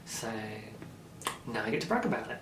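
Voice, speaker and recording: A man's voice: mid-range voice, very animated, a little fast, a bit bright. A young man hosting a knitting podcast, talking in a rambling, chatty way and laughing often. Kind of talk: casual chat. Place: indoor room at home, daylight. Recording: roomy echo.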